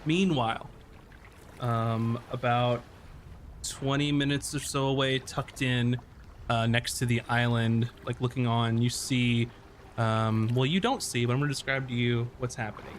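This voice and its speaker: A man's voice: medium pitch, steady tone, measured pace, a little hiss or hum. A man narrating as game master in a casual, rambling way.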